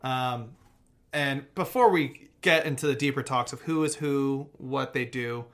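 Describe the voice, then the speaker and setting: A young man co-hosting a laid-back sports podcast, lively and joking as he runs down the latest team news. His voice sits in an everyday middle pitch. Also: measured pace. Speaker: podcast co-host. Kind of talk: casual sports podcast chat.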